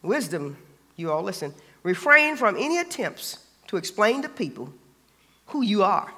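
A man's voice: high voice, very animated, normal speed, pushed and bright, long reverb tail. A man pastor preaching a sermon, emphatic and colloquial, repeating phrases for stress.

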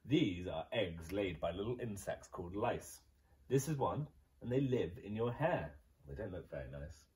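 A male teacher voicing a sensible dog doctor who patiently explains and gently scolds, in a storybook reading. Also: low voice, lively intonation, moderate pace, recorded from a distance. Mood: explaining.

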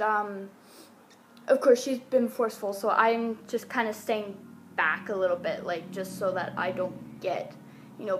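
A young woman recounts a story casually into her phone at home, drifting through fillers and asides. Her voice sits at a middle pitch. There is faint background noise behind her. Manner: rambling, full of fillers like "like" and "um", laughs now and then. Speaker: vlogger. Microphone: phone or webcam.

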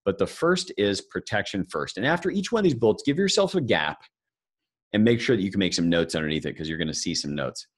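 A man's voice: fairly low pitch, very animated, quick pace, slightly rough. A man giving a live financial seminar, talking conversationally and joking with the audience. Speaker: financial speaker presenting to an audience.

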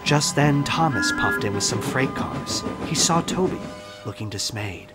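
A man narrating a children's story in a gentle, expressive storytelling manner. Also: fairly low pitch, unhurried, music in the background.

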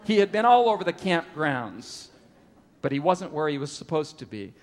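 A middle-aged man preaching a sermon at a camp meeting, telling a story with animated rises and drops. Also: fairly high pitch, moderate pace. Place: large hall at a camp meeting. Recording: reverberant hall.

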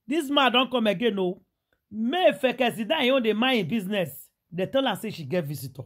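A woman's voice: fairly high pitch, animated, fairly quick. A Nigerian woman delivering dramatic celebrity gossip in Pidgin English, theatrical and full of exclamations and repetition.

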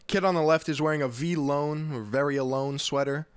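A man with a high, light voice gives comedic reaction commentary over a clip. His tone is teasing and exaggerated, and he jumps between mock outrage and fits of laughter. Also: fairly even intonation, a little fast, smooth, no room sound, clean studio sound. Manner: mocking, exaggerated, bursts into laughter. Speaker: reaction video host.

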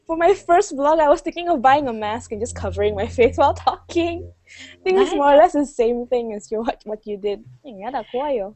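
A woman guest in a casual online chat, giggly and excitable, mixing English and Japanese. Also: high-pitched, a little fast, dry recording.

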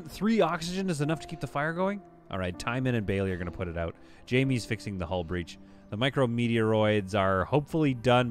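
Low-voiced man, exasperated gameplay commentary. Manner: exasperated, self-mocking play-by-play with sudden outbursts. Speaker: game streamer.

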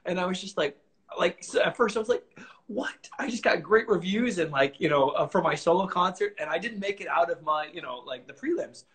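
A male host on a video call, with a fairly high, bright voice. He sounds enthusiastic and affirming, chatting casually with a guest. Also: a little fast, slight background noise. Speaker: host and musician. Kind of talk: casual chat.

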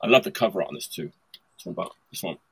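This man talks rapid-fire in a low, husky voice with lively intonation. Hosting a casual video call, he rambles about his punk vinyl picks with enthusiasm, plenty of fillers and frequent laughs.

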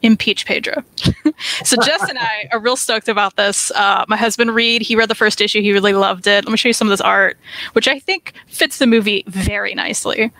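A woman in her thirties co-hosting a casual comic book review show, chatty and quick to laugh. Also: medium pitch, sharp tone, no room sound, rough recording. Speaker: co-host. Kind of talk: casual chat.

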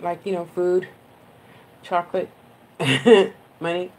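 A woman's voice: deep voice, a little slow, long pauses, darkish tone, breathy edge. A woman, a clairvoyant medium, giving a live-streamed reading in a chatty, affectionate, rambling way and laughing often.

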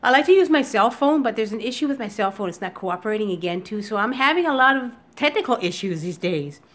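A woman talking to her viewers in a casual daily vlog from home, emotional and teary, speaking haltingly with many restarts into a computer webcam. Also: a little high, lively intonation. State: upset and teary. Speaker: vlogger. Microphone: computer webcam recording.

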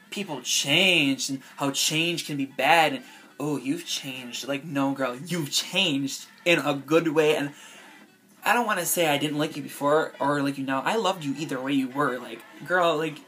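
A woman's voice: low-pitched, a bit bright. A young woman talking straight to camera in a casual vlog, gushing and effusive, peppering her talk with "like" and "girl". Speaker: vlogger.

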